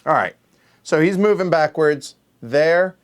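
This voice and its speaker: A man's voice: a little high, animated, a little slow. Man muttering counts to himself. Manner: muttering counts under his breath while working out moves. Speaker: board game host. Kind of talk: thinking aloud during a solo board game play-through.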